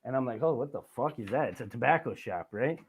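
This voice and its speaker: A man's voice: medium pitch, expressive, fast, slightly rough. A man hosting a casual podcast, telling a rambling, profane story with lots of asides. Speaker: podcast host.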